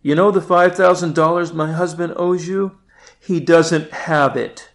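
A priest voicing a brisk, practical wife who shouts to a neighbor from a window. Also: male voice, a little high, animated, vocal fry, heavily acted. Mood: brisk bold. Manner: brisk, loud, no-nonsense. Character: bold, practical wife, middle-aged.

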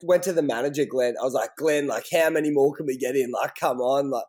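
A man's voice: medium pitch, quick pace, darkish tone. An Australian man, a band member guest, talking in a laid-back way and laughing a lot. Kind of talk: casual chat.

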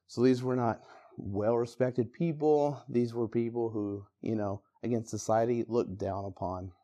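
Guy preaching a christmas sermon, mellow voice, chatty and animated. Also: mid-range voice, measured pace. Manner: animated, conversational, acts out quotes with bursts of energy. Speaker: pastor.

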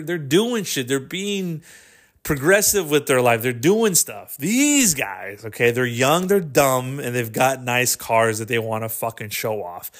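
A man hosting a podcast, ranting casually with constant swearing and a steady stream of "dude". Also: mid-range voice. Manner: profane, animated, keeps saying "dude". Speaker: podcast host. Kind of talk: casual monologue rant.

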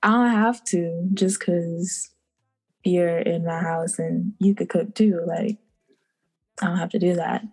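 A young woman from the Bahamas, a podcast guest, chatting casually and telling animated stories with acted-out quotes and frequent laughter. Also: fairly low pitch, takes it slowly. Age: young adult. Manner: animated storytelling, acting out quotes, laughing often. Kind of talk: casual interview chat.

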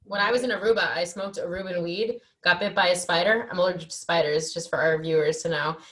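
A young woman co-hosting a podcast, telling stories in a casual, profane, animated way and acting out what people said. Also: on the low side, quick pace, low-quality recording. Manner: profane, animated storytelling with acted-out quotes. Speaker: podcast co-host. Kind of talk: casual chat.

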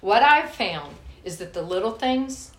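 A woman's voice: mid-range voice, a little slow. Woman preaching in an echoey hall. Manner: lively, acts out her own anger in stories. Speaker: guest speaker. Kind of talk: sermon with personal storytelling. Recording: echoey room.

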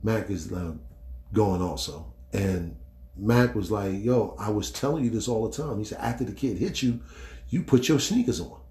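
A middle-aged man hosting a podcast, telling a story in a blunt, animated way, acting out the quotes and swearing freely. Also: fairly low pitch, normal speed, roomy sound. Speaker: podcast host. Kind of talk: casual storytelling monologue.

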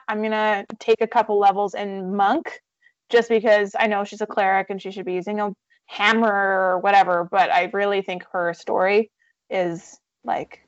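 A woman's voice: medium pitch, no echo, highs cut off. A woman player talking casually about her character, rambling and correcting herself as she goes. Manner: rambling, self-correcting, chatty.

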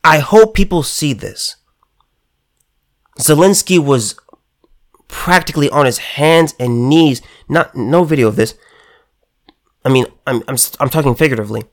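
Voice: mid-range voice, measured pace, pauses often. A political commentator delivering a heated monologue, emphatic and sarcastic, often stumbling and restarting words.

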